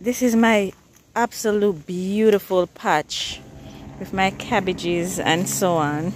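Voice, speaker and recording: A woman with a Jamaican accent gives a relaxed, unhurried walk through her container garden. She talks in a middle pitch and breaks into laughter often. Faint outdoor noise sits in the background. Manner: chatty, laughs often while showing plants. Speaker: gardening vlogger. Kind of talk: casual garden walkthrough vlog.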